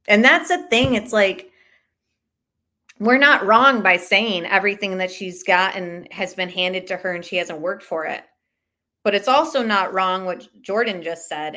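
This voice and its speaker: A woman's voice: lowish voice, bright, forceful tone. A woman hosting a live commentary stream in a casual, opinionated, conversational way, reading viewer comments aloud as she goes. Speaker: commentary channel host.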